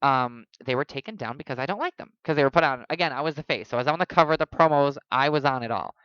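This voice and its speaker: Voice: medium pitch, fast, a bit bright, clean tone, no echo, muffled recording. A podcast host in casual chat, telling stories in a blunt, jokey, profane way.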